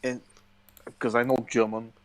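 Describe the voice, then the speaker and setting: A man's voice: medium pitch, flat delivery, moderate pace. Blunt, foul-mouthed young man podcaster. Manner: blunt, heavy swearing storyteller. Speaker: podcast co-host. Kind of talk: casual chat.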